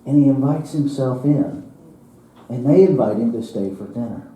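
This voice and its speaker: A male minister giving a sermon, telling a parable slowly and dramatically, with chuckles and hushed drops. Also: mid-range voice, lively intonation. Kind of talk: sermon storytelling. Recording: roomy church hall, from far off.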